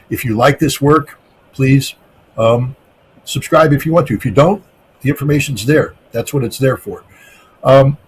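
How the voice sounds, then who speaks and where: Emphatic American man guest, faint background hum. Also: mid-range voice. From United States. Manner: emphatic, repetitive, with frequent restarts. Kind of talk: interview answers.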